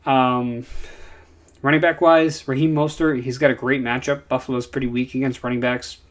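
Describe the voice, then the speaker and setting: A man's voice: medium pitch, level tone, a bit bright. A young man casually giving fantasy football picks, running through players with lots of ums and uhs. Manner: rapid list of player picks with many fillers. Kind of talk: casual commentary.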